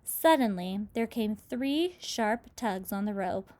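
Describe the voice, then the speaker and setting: A woman reads a children's storybook aloud at a middle pitch. She narrates the story plainly and brings its characters to life with lively voices. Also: takes it slowly. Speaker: storybook reader. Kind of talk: reading a children's book aloud.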